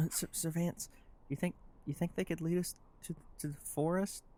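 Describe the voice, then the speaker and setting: A man's voice: fairly high pitch, steady tone, moderate pace, mellow. A man playing his character in a tabletop game, talking in a stammering, flustered way. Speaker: player.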